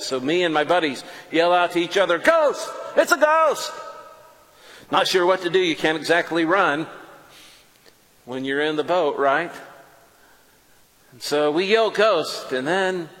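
A man preaching a sermon as a first-person dramatic story, animated and swinging between loud passages and hushed ones. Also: on the high side. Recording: long reverb of a large hall.

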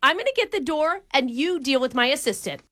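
An entitled, fussy diner, as a woman puts her on, hammering out indignant, rapid-fire demands. Her voice is very high and bright, and it swings widely in pitch. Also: lively intonation. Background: radio prank call.

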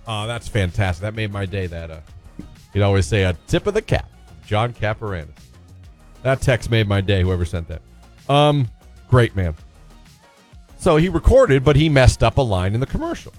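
A man's voice: on the low side, sing-song, normal speed, a little mellow, faint music behind. A man hosting a casual radio talk show, telling a self-deprecating story and inviting listeners to call in.

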